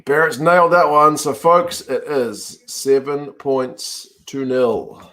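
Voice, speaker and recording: A man's voice: mid-range voice, slow pace, pushed and bright. A man hosting a live rugby watch-along, chatting casually, reacting to the play and answering viewer comments. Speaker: host.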